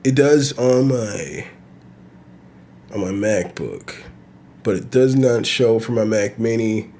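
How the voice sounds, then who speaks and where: A man with a fairly low voice hosts his own podcast and talks off the cuff. He rambles and swears freely. A faint hum sits behind him. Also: slow, long pauses, warm tone. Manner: loose, profane, rambling with laughs. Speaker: podcast host. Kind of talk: casual solo podcast rant.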